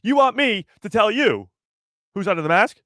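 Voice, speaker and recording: A young man hosts a live stream and chats straight to his viewers, teasing them and firing off rhetorical questions. His voice sits a bit high and swings widely in pitch. The sound is dry, with no room around it. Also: lively intonation, normal speed, bright, forceful tone, dry recording. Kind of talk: casual live stream commentary.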